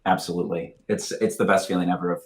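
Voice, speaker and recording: A young man, a comedian co-hosting a podcast, chatting casually and telling stories in an animated, laughing way. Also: sits low, quick pace. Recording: echoey room.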